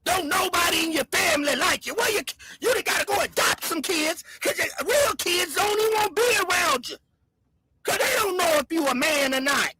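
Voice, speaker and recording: A woman hosting a livestream, loudly hurling mocking insults in a shouting rant. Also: very high voice, animated, moderate pace, very noisy. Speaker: livestream host.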